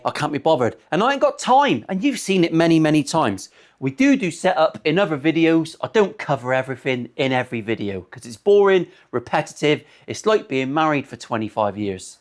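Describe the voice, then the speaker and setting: Crude, chatty man in his forties. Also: mid-range voice. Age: 40s. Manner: chatty, crude, rambling banter with frequent swearing. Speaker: luthier. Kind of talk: casual workshop vlog. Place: indoor guitar workshop.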